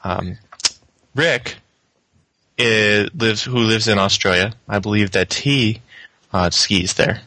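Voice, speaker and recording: A man's voice: fairly low pitch, steady tone, takes it slowly, pauses often, pushed and bright, dry recording. A man co-hosting a casual live podcast, joking around and hesitating with many ums and uhs. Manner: hesitant, many fillers, jokey. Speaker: podcast co-host.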